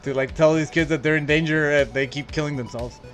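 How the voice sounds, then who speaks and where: A man's voice: a little high, steady tone, brisk, a bit bright. A man co-hosting a casual podcast, telling crude stories with lots of swearing and laughter. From El Paso, Texas. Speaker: podcast co-host. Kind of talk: casual chat, crude storytelling.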